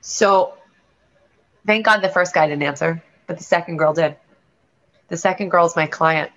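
Woman, lower voice, earnest and rambling, personal story, dull lo-fi recording. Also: a little slow, a bit bright. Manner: earnest, rambling, restarts mid-thought. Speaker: realtor and show guest. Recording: lo-fi dull sound.

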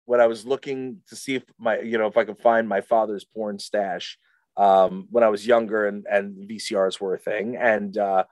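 A middle-aged man co-hosting a casual chat, rambling and halting with many restarts. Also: lowish voice, fairly even intonation, no room sound. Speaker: podcast co-host.

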